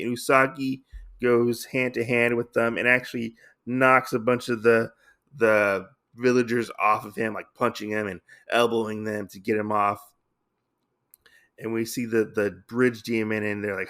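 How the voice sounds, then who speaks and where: A man's voice: mid-range voice, fairly even intonation, normal speed, fairly bright tone. A man hosting a podcast, casually recapping a comic book story with many fillers and restarts. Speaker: podcast host.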